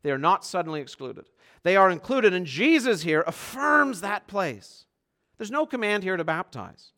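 A man delivers a sermon in a slightly high, bright, forward voice. He swings from loud, urgent emphasis to low, quiet stretches and slows right down to press home his key phrases. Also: big pitch swings. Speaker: pastor.

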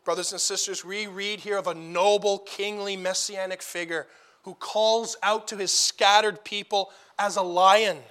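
High, bright-voiced male preacher. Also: steady tone, measured pace, smooth. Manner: emphatic, repeats phrases for stress, rising to loud declarations. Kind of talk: sermon.

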